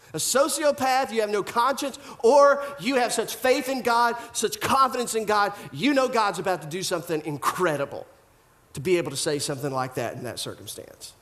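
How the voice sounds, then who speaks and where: A male pastor preaching a sermon in an animated style, full of rhetorical questions and repeated phrases. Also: sits high.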